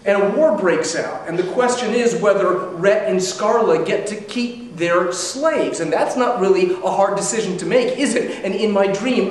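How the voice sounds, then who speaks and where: Wry male storyteller, high voice; recorded from afar in a very echoey theater. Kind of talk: live stage storytelling. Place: theater stage. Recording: echoey theater, distant mic.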